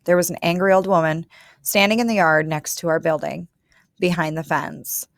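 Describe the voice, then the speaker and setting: A woman reads a children's picture book aloud in a calm, measured voice, speaking as the young girl who tells the story. Her voice sits on the low side and the recording is dry and close. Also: gravelly, dry recording. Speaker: reader. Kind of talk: storybook narration.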